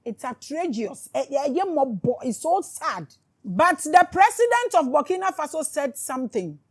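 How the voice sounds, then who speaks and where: A woman's voice: high-pitched, very animated, normal speed. A woman speaks to her viewers as a spiritual commentator, in a fervent, sarcastic monologue full of repeated questions. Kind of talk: impassioned monologue to camera.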